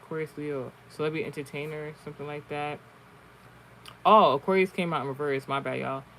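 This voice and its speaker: A man's voice: a little high, steady tone, a little fast, fairly bright tone, a little hiss or hum, low-quality recording. A man telling a story in casual, rambling talk, swearing often and restarting his sentences, as an online streamer. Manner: rambling, profane, many restarts. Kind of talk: casual storytelling and card reading.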